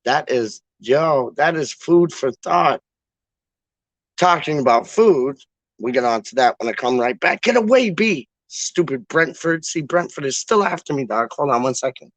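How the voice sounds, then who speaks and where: A man's voice: medium pitch, normal speed, a bit bright, no room sound. A man hosting a fan-channel livestream, chatting casually to viewers in a slangy, repetitive, playful way. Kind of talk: casual rambling chat to viewers.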